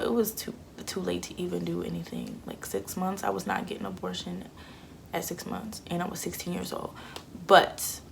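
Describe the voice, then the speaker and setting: This vlogger is a woman in her 20s whose lowish, creaky voice has a fairly bright tone. Chatting openly through a casual story, she performs other people's lines, and there's slight background noise.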